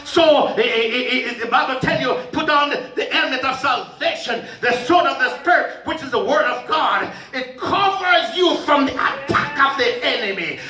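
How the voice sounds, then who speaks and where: A male pastor preaching a sermon in a church sanctuary, emphatic and often rising into shouted refrains. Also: very high voice, animated, moderate pace, few pauses. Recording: roomy church sound from a distant mic with faint music.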